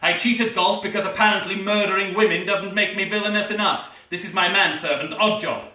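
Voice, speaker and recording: A man's voice: high voice, steady tone, fairly quick, sharp tone, voice pushed up. A man voicing a gloating, pompous male villain with a rich, cruel drawl. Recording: echoey room, far-off mic.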